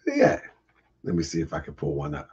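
A man runs a casual livestream while getting over a cold, so his voice comes out husky. He talks with lively, swooping pitch and laughs often as he answers chat comments. The audio is dull and lo-fi. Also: fairly quick. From Baltimore area. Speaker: livestream host. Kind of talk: casual livestream talk to viewers.

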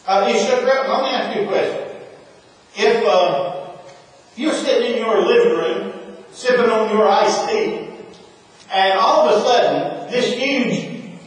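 A man preaching a sermon as pastor, expressive and emphatic. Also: high voice, unhurried, pauses often. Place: church sanctuary. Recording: echoey church hall, from a distance.

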